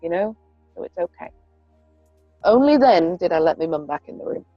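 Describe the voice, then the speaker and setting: A woman's voice: on the low side, expressive, normal speed, no echo, dull audio, soft background music. A woman in casual chat, candid and earnest, swearing freely. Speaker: podcast co-host, parent.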